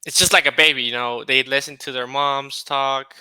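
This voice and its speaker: Male tutor, casual video-call chat, hesitant, smooth bright tone, dry close sound. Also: medium pitch, steady tone, moderate pace, no echo. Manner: hesitant, with many fillers. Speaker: English conversation tutor.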